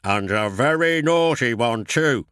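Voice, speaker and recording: A man's voice: medium pitch, lively intonation, measured pace, fairly bright tone, smooth, dry recording, clean studio sound, voice pushed up. A man voicing a stern, portly railway boss who speaks in a reproving, commanding way.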